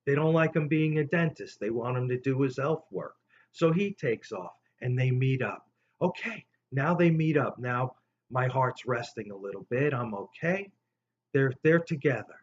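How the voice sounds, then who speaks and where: An older man tells a rambling childhood story to the camera in an animated, casual way, jumping high for quoted lines. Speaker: storyteller host. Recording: slightly dull recording with faint room noise.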